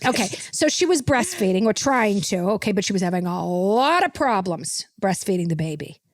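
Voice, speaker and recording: A woman's voice: mid-range voice, sing-song, a little fast, dry recording, clean studio sound. An older woman hosting a comedy podcast, telling a rambling story in a brash, self-assured way and peppering it with "okay". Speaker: podcast host.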